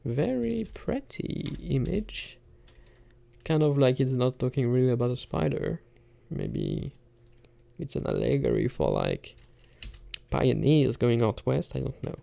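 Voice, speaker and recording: A man's voice: medium pitch, wildly swooping pitch, a little slow, creaky, mellow. A man in casual thinking-aloud commentary, muttering asides as he types and reads lines aloud while gaming. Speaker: gamer reading poetry into a game.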